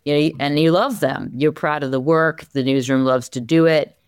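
A newspaper executive from the Philadelphia area, talking energetically in an interview with lots of restarts and sudden lifts in pitch. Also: normal speed, smooth, no room sound, clean studio sound. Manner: energetic, animated, many restarts. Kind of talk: conversational interview.

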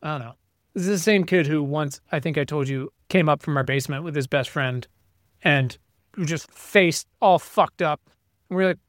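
A man's voice: a little high, moderate pace, fairly bright tone, no echo, clean studio sound. A middle-aged man co-hosting a casual chat, telling a profane, ranting story about his kids. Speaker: podcast co-host.

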